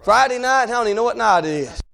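A male preacher with a strikingly high voice delivers a fervent revival sermon to a church congregation. He often rises to a shout and keeps punctuating his lines with amen and hey. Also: animated, fast talker, gravelly. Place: church service before a congregation.

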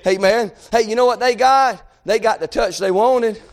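A man preaching a sermon with a very high, piercing voice. He delivers it fervently, rising to shouted pleas and then dropping to low, quiet passages. His phrasing stays folksy and informal. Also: moderate pace.

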